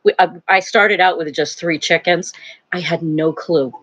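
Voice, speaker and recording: A woman's voice: lowish voice, normal speed, fairly bright tone, lo-fi sound. An older woman hosting a casual live stream from home, chatting in a rambling way and laughing often. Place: home, near a wood stove.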